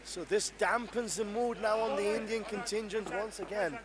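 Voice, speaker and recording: A man giving live cricket commentary, excitable, breaking into shouts when something big happens. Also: high voice, normal speed. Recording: noisy crowd at an indoor venue. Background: crowd and venue noise.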